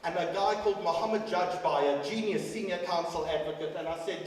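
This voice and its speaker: A man's voice: high voice, brisk, few pauses, far from the mic, a little hiss or hum. Man speaking in an echoey hall. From South Africa. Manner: dramatic storyteller, swings between loud and quiet. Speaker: guest speaker. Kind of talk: storytelling speech. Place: large school hall.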